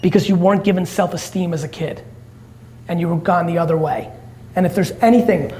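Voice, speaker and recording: An entrepreneur vlogger and conference speaker with a high, gravelly voice vlogs his day and gives a motivational speech, blunt, intense and full of swearing. There's slight background noise.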